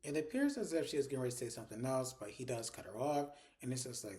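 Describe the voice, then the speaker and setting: A man's voice: mid-range voice, quick pace, hardly any pauses, a little mellow. A man giving a casual recap of a TV episode, voicing the characters' lines as he retells the scenes and swearing now and then. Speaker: TV episode reviewer.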